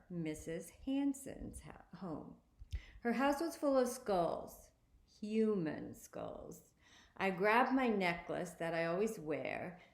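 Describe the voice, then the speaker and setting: A woman reading a children's spooky story aloud, expressively, often lifting her pitch for emphasis. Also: roomy sound. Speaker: story reader.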